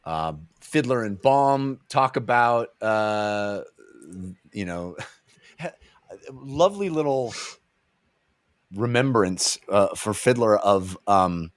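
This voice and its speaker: A man's voice: on the low side, expressive, takes it slowly, pauses often, dry recording, clean studio sound. A man co-hosting a casual book-club podcast, acting out characters' lines in goofy voices as he recaps. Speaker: podcast co-host.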